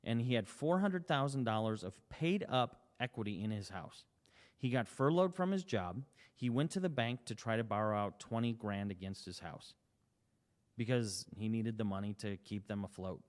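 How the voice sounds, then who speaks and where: Emphatic man pitching in a hall. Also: lively intonation, moderate pace. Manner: emphatic, rhetorical questions, acts out little dialogues. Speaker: company CEO presenting. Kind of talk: sales presentation.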